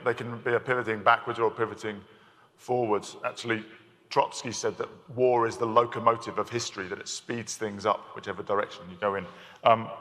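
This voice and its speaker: A man's voice: medium pitch, fairly bright tone. A man moderating a conference panel, articulate but with frequent stammering restarts. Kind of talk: panel discussion. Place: conference hall. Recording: long hall reverb.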